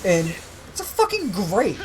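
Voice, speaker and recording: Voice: mid-range voice, wildly swooping pitch, unhurried, a little hiss or hum, rough recording. A young adult streamer giving casual, dramatic rants while playing a game, swearing often and sounding exasperated. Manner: profane, exasperated, dramatic ranting. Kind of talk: casual ranting commentary while gaming.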